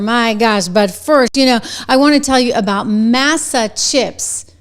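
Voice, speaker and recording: A woman with a New England accent hosts a commentary show. Her voice sits a little high for a woman's. She talks in a chatty, animated way and laughs now and then. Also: measured pace. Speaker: show host. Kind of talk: commentary with a sponsor read.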